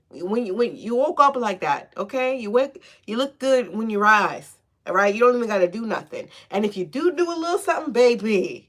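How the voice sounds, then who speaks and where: A woman giving a casual spiritual tarot reading, sassy and slangy with swearing and a steady stream of encouragement, often checking in with "okay?". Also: a little high, a little fast. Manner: sassy, slangy and profane, with frequent "okay?" and laughs; encouraging and affirming. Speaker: tarot reader.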